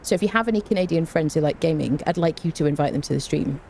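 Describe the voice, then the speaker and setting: A low-pitched woman, a fast talker with a slightly mellow tone, chats casually on her game stream, greeting viewers in a rambling, playful way full of made-up words. Her desk mic sits in a home room with an open window, catching a fan and a little hiss or hum.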